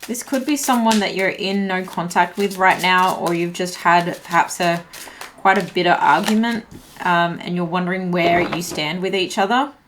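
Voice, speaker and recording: A woman's voice: fairly low pitch, normal speed, background noise. Slightly breathless woman reading tarot. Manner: musing, searching for words as she reads cards. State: slightly breathless, voice a bit shaky. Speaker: tarot reader. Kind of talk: intuitive tarot card reading.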